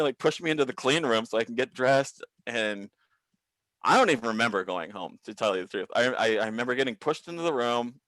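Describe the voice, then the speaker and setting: A man in comic storytelling mode, dry and close with no room sound. He switches into loud, higher voices for the people he quotes and swears freely. His own voice sits at an ordinary middle pitch. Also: no room sound. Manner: animated, profane, acts out quoted people with big pitch jumps. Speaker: comedian guest. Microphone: video call.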